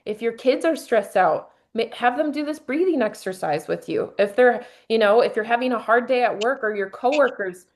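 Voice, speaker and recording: A woman's voice: on the high side, animated, moderate pace, few pauses. A woman leading a motivational workshop, talking to a group and guiding them through breathing exercises in an upbeat way. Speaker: team leader running a workshop.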